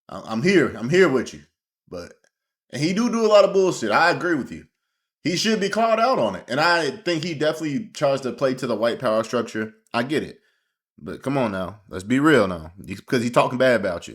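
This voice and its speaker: Slangy animated male reaction host. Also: mid-range voice. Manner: slangy, animated, talks while eating. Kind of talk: casual reaction commentary.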